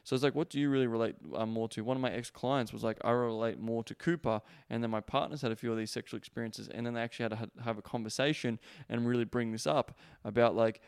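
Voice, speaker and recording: A man's voice: medium pitch, fairly even intonation, fast, hardly any pauses, clear, resonant tone, dry recording, clean studio sound. A young man hosting a solo podcast, talking in a rambling, profane way full of fillers. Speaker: podcast host, sex coach. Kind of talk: casual solo podcast monologue.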